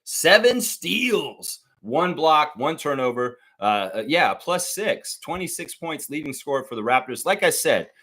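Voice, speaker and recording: A man hosting a live sports reaction show, profane and ranting, swinging between muttering and shouting. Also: on the high side, very animated, unhurried, few pauses. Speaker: sports fan show host.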